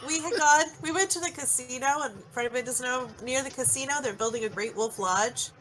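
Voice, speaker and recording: A woman's voice: sits high, quick pace, a bit bright, low-quality recording. A woman co-hosting a podcast, telling a story in chatty casual talk full of fillers. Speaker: podcast co-host. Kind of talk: casual chat. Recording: podcast audio with clear background noise.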